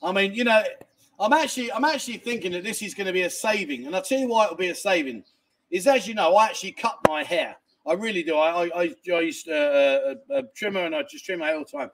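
High-voiced, cheeky livestream host. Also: male voice, expressive, quick pace, a bit bright, a little hiss or hum. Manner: cheeky, banters and laughs while reading comments. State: tired from lack of sleep. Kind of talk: casual livestream chat reading viewer comments.

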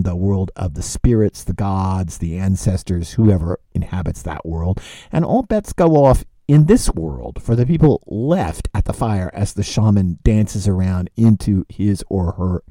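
A man lecturing on literature, animated, asking rhetorical questions and repeating phrases for emphasis. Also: on the low side, dry recording, studio quality.

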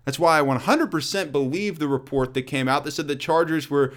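Animated, blunt male sports talk host. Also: a little high, brisk. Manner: blunt and profane, riffing with laughs; animated, swings between loud and quiet. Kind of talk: casual solo sports commentary.

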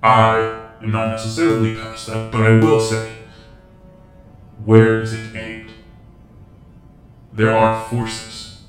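A man doing a stern crab-legged cyborg elder who speaks formally and slowly, in a flat, unchanging tone. Guitar music plays loudly behind the echoey voice. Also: fairly low pitch. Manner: measured and formal. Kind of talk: tabletop role-play voicing.

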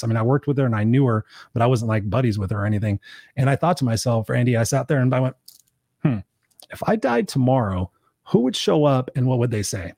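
A man's voice: medium pitch, darkish tone, no room sound, studio quality. A man, a life coach and speaker, telling personal stories bluntly in an interview and swearing casually. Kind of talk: candid storytelling in a podcast interview.

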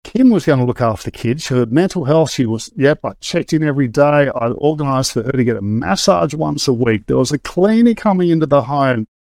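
An expressive middle-aged man, interviewed as a guest, talks briskly with few pauses in a medium-pitched, darkish voice. He recounts his story frankly and informally, often hesitating and restarting, in a dry recording.

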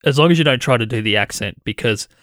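A man's voice: mid-range voice, fast, a bit bright, no room sound. Man, Australian accent, podcast host, easygoing chatty delivery, dry close sound. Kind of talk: casual conversational interview.

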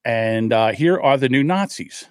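A man's voice: medium pitch, lively intonation, measured pace, clean tone, no room sound, clean studio sound. Jokey man co-hosting a podcast. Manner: jokey, does silly mock voices. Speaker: podcast co-host. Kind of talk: casual banter.

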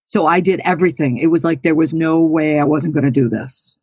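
A woman's voice: low voice, fairly quick, darkish tone, husky, no room sound. A woman in her sixties from New York State, telling her story as an interview guest in an earnest, emphatic, candid way. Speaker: guest, former college golfer.

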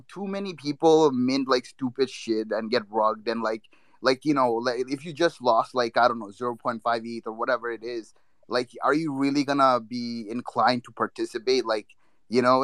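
A man's voice: mid-range voice, a bit bright, no room sound. A man speaking as a trader guest in a casual online audio room. He talks in a laid-back way, full of fillers.

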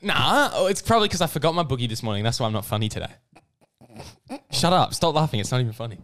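A man co-hosting a podcast, joking and bickering in quick, stumbling bursts full of restarts. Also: medium pitch, sing-song, a bit bright. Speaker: podcast co-host. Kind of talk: casual banter.

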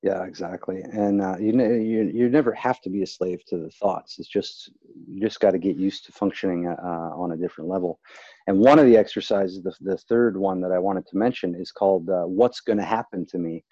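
Dark-toned male coach, dry muffled sound. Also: low voice, fairly quick, breathy edge, no room sound. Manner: explains calmly, acts out worried and excited self-talk in demonstrations. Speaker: guest, speaking coach. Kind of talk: casual podcast conversation.

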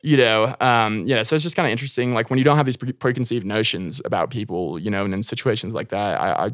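A man's voice: on the low side, fast, fairly bright tone, no room sound, studio quality. A young American man talking casually as a podcast guest, rambling with lots of filler words and swearing. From United States.

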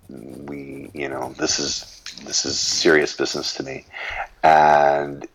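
A middle-aged man, a business consultant, giving an expressive interview as a guest, laughing often and spelling out names and words. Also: extremely low pitch, rough recording. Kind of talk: interview conversation.

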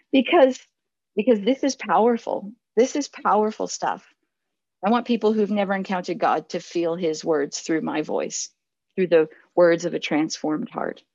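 A woman's voice: fairly low pitch, no echo. A woman in her forties delivers a sermon in an earnest, reflective way, often circling back to restart a thought. The recording is dry, with no room sound, and slightly muffled. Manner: earnest, reflective, with frequent restarts and soft laughs. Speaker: pastor.

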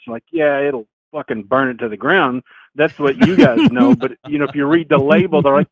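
A man's voice: a little high, very animated, a little fast, gravelly, dry recording. A man from Arkansas with a Southern accent, calling in to a show and talking earnestly about his lawn. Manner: earnest, rambling, casual cursing. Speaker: caller. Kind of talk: phone-in conversation. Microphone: phone. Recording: tinny phone line.

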